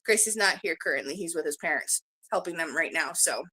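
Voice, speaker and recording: A woman's voice: low-pitched, expressive, a little fast, pushed and bright, husky. A Canadian woman at home hosting a casual livestream, chatty and rambling, greeting viewers one by one with lots of fillers. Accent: Canadian English. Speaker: livestream host. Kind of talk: casual live-stream chat.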